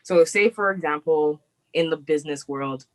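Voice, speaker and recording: A woman's voice: low-pitched, moderate pace, poor audio. A woman co-hosting a podcast, chatting casually and emphatically, often breaking into laughter. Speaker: podcast co-host. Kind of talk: casual chat.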